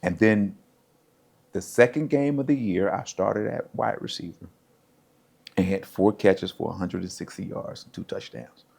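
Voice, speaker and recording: A man's voice: low-pitched, unhurried, vocal fry, breathy edge. A middle-aged man, a former pro football player, telling stories as a podcast guest and acting out what others said. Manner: animated storyteller, acts out quotes. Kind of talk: casual storytelling interview.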